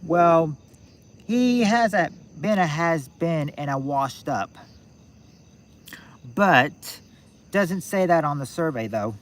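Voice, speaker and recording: Man, 60s, streamer host; rambling, restarts, thinks aloud, slightly high voice. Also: animated, slow, pauses often. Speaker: streamer hosting a game night. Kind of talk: casual live-stream chat.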